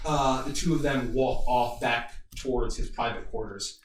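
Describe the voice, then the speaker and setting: A man narrating a tabletop game as game master, halting and full of fillers. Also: medium pitch, slight background noise. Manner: halting, many fillers and restarts. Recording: roomy, distant mic, faint music.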